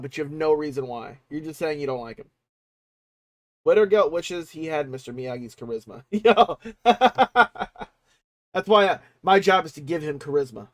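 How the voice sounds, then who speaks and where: A man's voice: on the high side, lively intonation, normal speed, no room sound, clean studio sound. A young man streaming a video game, cursing and joking casually while reading the game text aloud. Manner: profane, joking, often laughing, reads game text aloud. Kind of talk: casual gaming livestream commentary.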